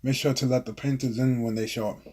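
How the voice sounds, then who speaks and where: A self-assured young detective who brushes off his partner's objections. A man reads him aloud, giving him a breezy, confident delivery in a slightly raspy voice. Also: mid-range voice, flat delivery, quick pace, warm tone, natural voice.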